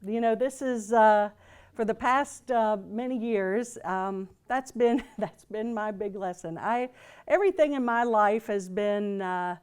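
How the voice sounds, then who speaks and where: A woman reverend speaks to a group in a relaxed, conversational sermon. Her voice sits slightly high, and she rambles warmly with fillers, restarts and easy laughter. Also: clear, resonant tone. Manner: chatty and loose, with many fillers and restarts, laughing easily. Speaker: reverend giving a talk. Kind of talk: casual spoken sermon with humor. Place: gathering room with a group.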